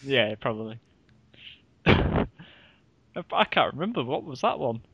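Slow, lively podcast host. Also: male voice, medium pitch, gravelly, muffled recording, background noise. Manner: laughs often between remarks, lively banter. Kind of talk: casual chat.

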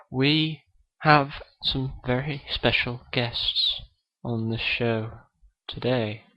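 Male podcast host, halting and full of ums, slow-paced, dull lo-fi sound. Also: mid-range voice, no room sound. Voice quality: hesitant, full of ums and pauses. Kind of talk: comedy podcast interview. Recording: dull lo-fi recording.

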